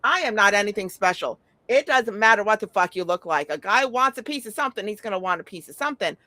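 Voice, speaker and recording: A woman's voice: mid-range voice, expressive, fast talker, pushed and bright, no echo. A middle-aged woman talking in a casual chat, telling stories bluntly and animatedly, with frequent swearing.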